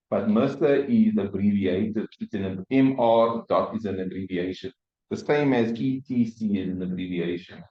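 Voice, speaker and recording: Patient male teacher, echoey room. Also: fairly low pitch. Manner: patient explainer, checks in with "right?" and "no?". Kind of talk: classroom lesson. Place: church hall classroom. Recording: echoey dull lo-fi room recording.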